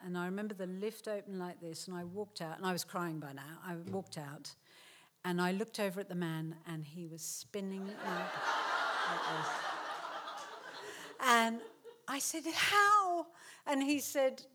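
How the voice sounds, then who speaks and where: A middle-aged woman telling a funny story to a live theatre audience, animated and laughing, acting out the people in it. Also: mid-range voice. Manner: animated, laughing, acts out quotes. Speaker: author giving a talk. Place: theatre stage.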